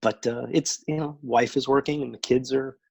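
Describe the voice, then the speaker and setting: A man from New York City with a New York accent, a guest in a casual video interview, friendly and self-deprecating with quick asides. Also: medium pitch, fairly even intonation, gravelly, a little mellow, slightly rough, dry recording, dull audio.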